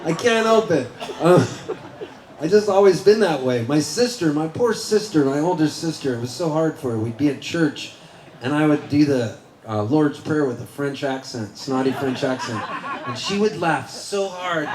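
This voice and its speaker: High-voiced joking man on a roomy stage. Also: animated, moderate pace, background noise. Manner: goofy, rambling, self-mocking humor, laughing often. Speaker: singer-songwriter performing live. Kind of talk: joking stage banter between songs. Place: winery concert venue, live audience. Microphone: stage vocal microphone. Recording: roomy live concert with guitar.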